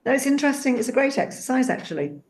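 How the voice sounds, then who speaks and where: A woman's voice: high-pitched, big pitch swings, very fast. A woman drama teacher on a video call, speaking in a loose, digressive way that trails off mid-thought. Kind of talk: casual group discussion.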